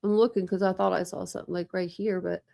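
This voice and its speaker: On the low side and creaky yet warm, this woman's voice keeps a steady tone as she talks fast. She's in her forties, a true crime YouTuber chatting casually and rambling on a live stream from home, with a couch and a cat in the room and "like" in nearly every line. Studio quality, no echo.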